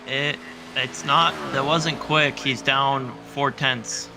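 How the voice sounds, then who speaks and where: A man's voice: medium pitch, steady tone, takes it slowly, background noise. A man commentating on sim racing, reading lap times and viewer chat. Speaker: broadcast commentator.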